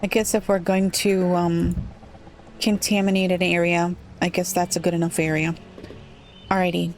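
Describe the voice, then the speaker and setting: Casting: woman, low gravelly voice, unhurried let's-play muttering over faint game music. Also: level tone. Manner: thinks aloud, muttering and puzzling over the game. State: slightly rough voice. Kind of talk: relaxed gameplay commentary.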